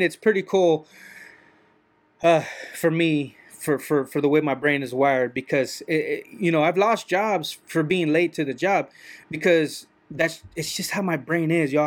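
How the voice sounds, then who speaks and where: Rambling man, higher voice. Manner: rambling, repeats "you know what I mean". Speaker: truck driver. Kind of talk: casual monologue.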